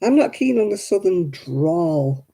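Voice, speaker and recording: A woman from Oldham with a softened northern English accent, chatting casually on her crafting video and laughing often. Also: fairly low pitch, big pitch swings, a little slow, vocal fry, slightly rough. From Oldham, England. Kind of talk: casual chat.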